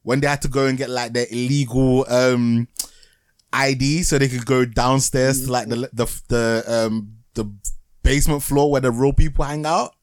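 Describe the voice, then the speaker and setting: A man's voice: medium pitch, fairly even intonation, normal speed, smooth, dry recording. A man hosting a podcast, rambling through a TV show review in casual chat, laughing often and restarting his sentences. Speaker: podcast host.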